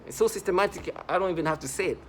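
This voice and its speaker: A man's voice: high-pitched, rapid-fire, a little hiss or hum, poor audio. A man delivering a casual vlog monologue, emphatic and repetitive, often restarting his sentences. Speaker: vlogger.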